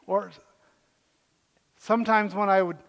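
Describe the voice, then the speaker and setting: A man's voice: high voice, fairly even intonation, measured pace, fairly bright tone. An older man, a pastor, preaching a sermon in a joking, conversational way with asides. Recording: echoey hall reverb.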